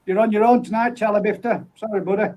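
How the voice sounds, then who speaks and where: Higher-voiced man hosting a live chat. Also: steady tone, quick pace, dull audio. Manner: friendly, easygoing, greets people by name. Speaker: livestream host. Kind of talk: casual live chat, reading out viewer comments.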